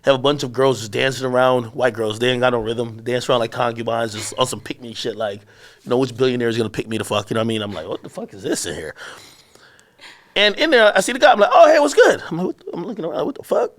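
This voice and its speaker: A man in a casual interview, spinning a long story from memory. His speech is loose and profane, with plenty of restarts along the way. His pitch swings widely as he talks. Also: lively intonation, a bit bright. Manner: profane, rambling, quick anecdotal storytelling. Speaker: interview guest, media personality.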